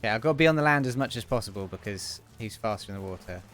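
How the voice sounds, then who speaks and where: A man hosting a casual game stream, chatting excitably and swearing when the game goes wrong. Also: lowish voice, very fast, music in the background. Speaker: streamer playing a platform game. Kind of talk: casual let's-play chat.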